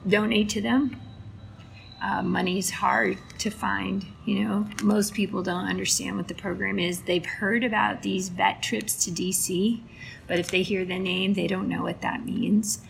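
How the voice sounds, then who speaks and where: A woman's voice: medium pitch, flat delivery, a little slow, vocal fry, slight background noise. A woman, a photographer guest on a podcast, telling a story in a casual way and acting out both sides of a conversation.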